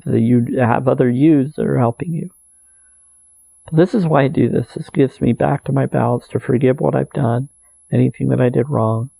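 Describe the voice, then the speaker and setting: A man speaks in an unhurried, earnest spiritual monologue, circling back to repeat his phrases. His voice is gravelly and mellow, at a middling pitch. The sound is dry and close. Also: no room sound, rough recording. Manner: earnest, meandering, repeats phrases, soft laughs. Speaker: spiritual video maker.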